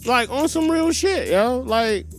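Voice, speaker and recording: A man's voice: very high-pitched, lively intonation, slow pace, faint music behind. A man co-hosting a podcast, arguing his points in heated, emphatic, profane casual chat. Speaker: podcast co-host.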